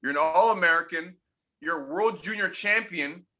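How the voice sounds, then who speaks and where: Bright, high-voiced man telling stories. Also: moderate pace. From Canada. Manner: emphatic, repeats points for effect. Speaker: interview guest, former pro hockey player. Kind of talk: candid interview storytelling.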